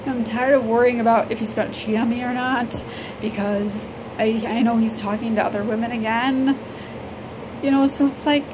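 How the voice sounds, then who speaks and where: A woman from Illinois talks to the camera in a personal vlog, halting and rambling with many fillers. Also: on the high side. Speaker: vlogger. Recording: steady background noise.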